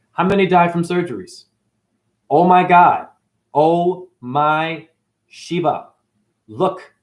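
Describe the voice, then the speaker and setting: A man hosts a livestream, talking casually to his chat in a preachy, animated monologue that swings between loud outbursts and quiet muttering. His voice is a little high and sounds roomy.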